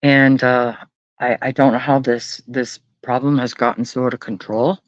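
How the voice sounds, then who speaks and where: A man's voice: mid-range voice, flat delivery, moderate pace, dry recording, muffled recording. A man hosting a late-night livestream, talking earnestly and rambling, often swearing. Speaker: livestream host.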